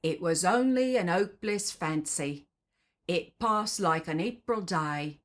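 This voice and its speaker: Woman performing a Cockney washerwoman singing a sentimental ballad slowly, tuneful and earnest. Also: lowish voice, lively intonation. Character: hearty working-class London washerwoman singing a sentimental song.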